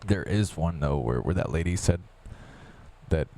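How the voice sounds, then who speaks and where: A man's voice: rumbling low, lively intonation, a little slow, dark tone. A man from the United States talking in a casual, profane, rambling rant full of restarts. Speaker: vlogger.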